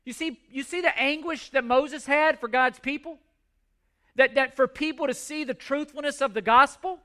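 High, bright-voiced man preaching earnestly. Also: moderate pace. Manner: earnest, pleading, repeats words as he restarts. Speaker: pastor. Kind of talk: sermon.

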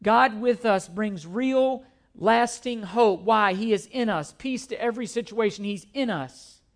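High-voiced man preaching a sermon. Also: unhurried. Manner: repetitive, emphatic preaching with scripture quotes. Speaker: pastor.

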